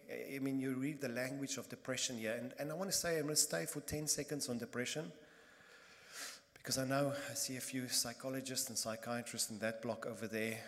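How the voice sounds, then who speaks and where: A man preaches with fervor, mid-pitched and emphatic, stacking repeated phrases as he drives each point home. His voice swells into loud bursts, then drops to a hush. It rings out with the long reverb of a large church hall. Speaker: pastor. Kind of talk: sermon.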